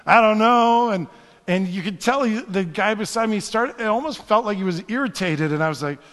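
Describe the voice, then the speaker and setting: A married adult pastor preaches a storytelling sermon in a high, ringing voice at a moderate pace, with long reverb like a big sanctuary. He animatedly tells a personal story, drops into hushed asides, then builds to fervent calls to his listeners.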